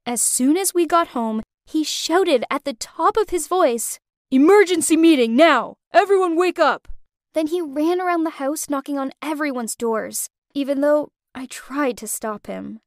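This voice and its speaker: A woman's voice: sits high, measured pace, hardly any pauses, no room sound, clean studio sound. A woman narrating a dramatic first-person story with an emotional delivery.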